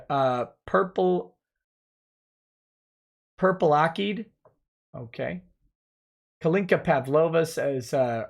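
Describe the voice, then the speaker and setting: A man hosting a casual livestream, reading out viewer chat messages and answering them offhand as a lawyer. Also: on the high side. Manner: reads chat messages aloud and replies offhand.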